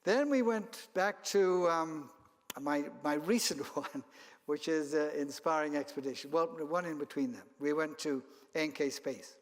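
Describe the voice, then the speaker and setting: A man's voice: a little high, measured pace. A man from Kenya and South Africa, a travel company founder, giving a rambling anecdotal keynote at an event. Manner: rambling storyteller with restarts and chuckles. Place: event hall. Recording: long hall reverb.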